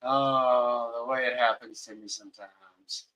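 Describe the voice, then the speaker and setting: Speaking at a medium pitch and a little slowly, this Southern man keeps a steady but pushed, bright tone as he delivers casual livestream commentary. He rambles, gets heated, and keeps apologizing to viewers; the webcam audio is low quality.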